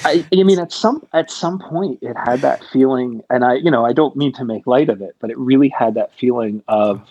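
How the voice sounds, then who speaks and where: A man's voice: mid-range voice, normal speed, a little mellow, no echo. An American man in casual political chat, rambling and thoughtful with many fillers and restarts, on a dull lo-fi recording. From United States.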